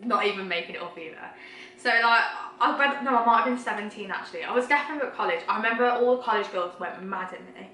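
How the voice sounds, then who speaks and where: A woman's voice: mid-range voice, fast talker, sharp tone, a little hiss or hum. A young woman telling a story in a casual chat. She is blunt, swears freely and laughs as she talks. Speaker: guest friend. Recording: echoey room from a distance.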